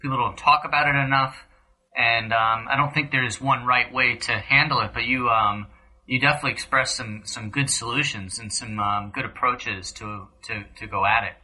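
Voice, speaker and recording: A man with a very bright, somewhat breathy voice hosts a podcast interview. He asks his questions hesitantly and often pauses with ums. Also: mid-range voice, steady tone, poor audio. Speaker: podcast host.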